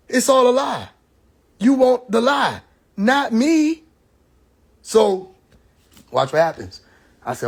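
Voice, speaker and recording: Animated man lecturing on a livestream. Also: high voice, vocal fry. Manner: animated storytelling, mimics mocking crowd voices, frequent laughs. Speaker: livestream host. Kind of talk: casual livestream monologue. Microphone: phone or computer mic on a live stream.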